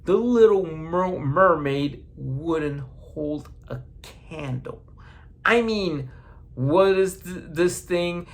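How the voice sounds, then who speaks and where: A man talking through a casual movie review in a slow, unhurried delivery. He rambles, breaks off mid-word and restarts, filling gaps with hesitant ums and uhs. His voice sits a little above the usual male pitch. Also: expressive. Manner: halting and rambling, full of restarts and fillers.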